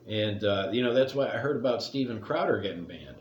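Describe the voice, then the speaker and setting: A man's voice: lowish voice, a little fast, hardly any pauses. Middle-aged male vlogger, blunt and profane, rambles through his opinions; echoey room with faint noise behind. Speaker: commentary vlogger. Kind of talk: casual opinion rant.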